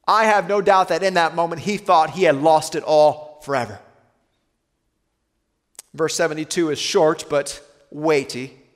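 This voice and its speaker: Male pastor, high voice, earnest sermon delivery, reverberant church hall. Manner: earnest, slows and softens for weighty lines.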